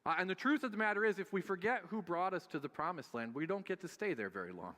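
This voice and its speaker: A man's voice: sits high, expressive, quick pace, bright, forceful tone, big-room sound. A man preaching a sermon as pastor, conversational and joking, with frequent filler sounds.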